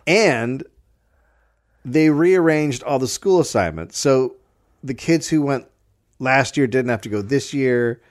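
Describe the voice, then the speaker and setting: A man's voice: mid-range voice, expressive, takes it slowly, long pauses. A man hosting a comedy podcast, telling a history story from notes with wry asides and the odd stumble.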